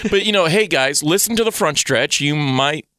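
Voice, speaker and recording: A man's voice: fairly high pitch, expressive, normal speed, bright, forceful tone, clean tone, no room sound, clean studio sound. A man co-hosting a radio racing talk show, chatting easily and plugging promotions. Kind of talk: casual radio chat.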